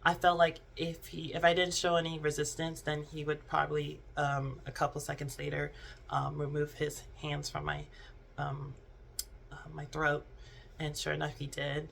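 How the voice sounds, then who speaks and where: A young adult vlogger telling a personal story in a halting, subdued way, with many restarts and fillers. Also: mid-range voice, monotone, gravelly, a bit bright, slight background noise. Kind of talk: unscripted storytime monologue.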